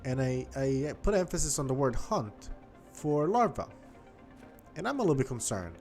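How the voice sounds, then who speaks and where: A man's voice: mid-range voice, very animated, normal speed, darkish tone. A man giving casual gameplay commentary, chatty and thinking aloud as he explores, with faint game music behind him. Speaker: gaming YouTuber.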